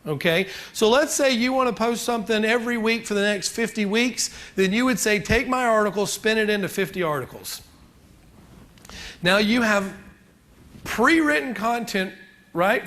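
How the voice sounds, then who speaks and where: A middle-aged man with a fairly high, slightly bright voice speaks at a moderate pace while giving a live real estate seminar. He keeps it chatty and joking, throwing questions out to the audience.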